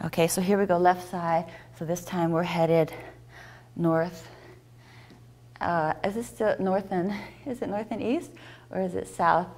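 A woman teaching a yoga class, giving gentle, encouraging step-by-step instructions. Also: fairly low pitch, fairly even intonation, a little slow.

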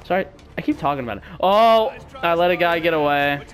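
A young man gives casual let's-play commentary on his own gameplay, rambling, mocking himself, and letting out sudden goofy yelps. His voice is a little high and a bit bright, he talks rapid-fire, and faint music plays in the background.

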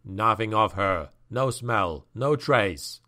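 A bestial demon in a stolen boy's body speaks in short, gruff grunts, voiced by a man reading the story. The voice sits low and moves slowly. It is a grim fantasy audiobook character voice. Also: animated, sharp tone, heavily acted.

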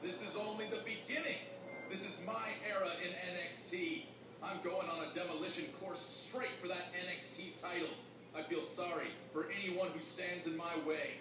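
A man's voice: sits high, fairly even intonation, normal speed, music in the background. A man voicing a boastful young wrestler in a game, delivering a cocky, threatening promo; the game audio is echoey, distant and noisy.

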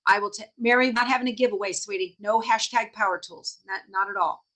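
A woman's voice: mid-range voice, fairly even intonation, fairly quick, pushed and bright. A woman hosting a live embroidery lesson, chatting casually and reassuring viewers by name as she reads their comments. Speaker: host of a live embroidery tutorial stream. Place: home sewing room with a dog nearby.

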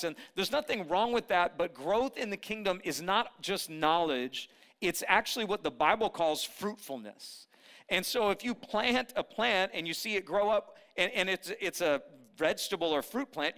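High, bright-voiced pastor preaching. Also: male voice. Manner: energetic, calls on the congregation to repeat and shout; playful teasing asides. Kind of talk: sermon. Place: church service.

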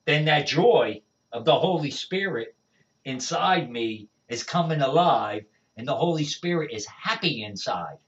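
A man speaking as an evangelist, telling stories of his faith in an animated, conversational way and often checking in with "all right?". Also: mid-range voice, a little slow. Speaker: evangelist guest. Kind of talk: conversational testimony. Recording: dull distant lo-fi sound.

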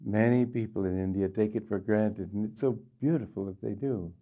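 An older man, a spiritual teacher, gently telling stories in a sermon, unhurried with frequent pauses. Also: lowish voice, phone-quality sound. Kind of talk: storytelling sermon.

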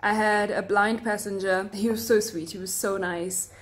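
A woman's voice: mid-range voice, steady tone, moderate pace. A young South African woman, a flight attendant, telling stories from her workday in a chatty, giggly way, full of likes and asides. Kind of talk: casual chat.

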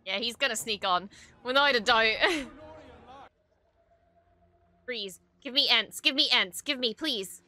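A young adult woman giving casual reaction commentary at her home streaming desk, excitable and gushing, swearing freely. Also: fairly high pitch, slow, pauses often.

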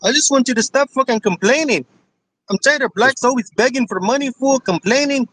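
A man's voice: very high voice, brisk, fairly bright tone, poor audio. A male caller arguing on a call-in show, taunting and profane, heavy on slang. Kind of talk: heated call-in argument.

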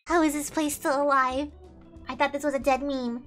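A woman's voice: sits high, flat delivery, moderate pace. A young woman giving frantic, jokey gameplay commentary, panicking and shrieking as she talks. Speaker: gaming YouTuber. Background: loud game music.

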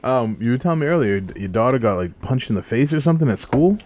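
A man's voice: mid-range voice, expressive, fast talker, a little mellow, a little hiss or hum. A man in his thirties from Rhode Island, co-hosting a podcast in casual chat, joking and laughing often. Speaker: podcast co-host.

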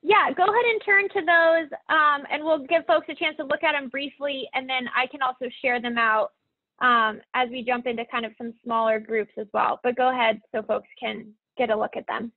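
A woman moderating a virtual meeting on a video call, brisk and practical. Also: sits high, steady tone. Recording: tinny phone-like audio.

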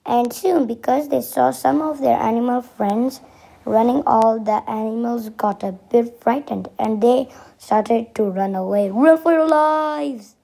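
A woman reading a children's story aloud, unhurried, with playful asides and sound effects. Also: on the high side, steady tone, vocal fry, mellow, breathy edge, rough recording.

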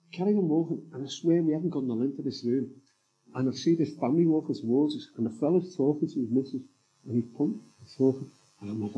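A man's voice: fairly high pitch, brisk, dark tone, husky, muffled recording. A man telling candid personal stories as a guest in a live on-stage interview. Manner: candid anecdotal storytelling. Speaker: guest, TV writer. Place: convention centre stage before an audience.

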